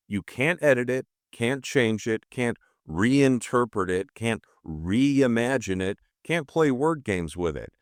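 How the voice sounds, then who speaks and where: A man's voice: on the low side, no room sound, clean studio sound. A man hosting a podcast, delivering scripted narration in an emphatic, rhetorical way. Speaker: podcast host.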